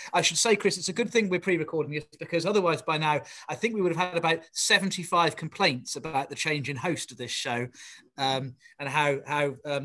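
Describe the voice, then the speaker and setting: A man's voice: a little high, sharp tone. A man chatting on a video call, joking at his own expense with dry humour. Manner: dry, self-mocking humour. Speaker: regular panelist. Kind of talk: casual chat over a video call.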